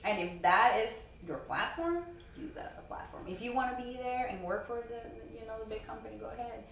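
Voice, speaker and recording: A chatty woman talks casually in an interview, her voice bright and forward, full of "you know" and "girl". She sounds distant from the mic in a roomy convention hall. A faint murmur of ambience sits underneath. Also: a little high, a little fast, vocal fry, slight background noise. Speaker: wrestling promoter and wrestler, interview guest.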